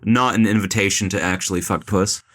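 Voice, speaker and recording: A man's voice: low-pitched, fairly even intonation, fairly quick, a bit bright. A young man hosting a casual film podcast, retelling a movie in a rambling, joking way full of "like" and "uh". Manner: rambling, lots of "like" and "uh", jokey retelling. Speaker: podcast host.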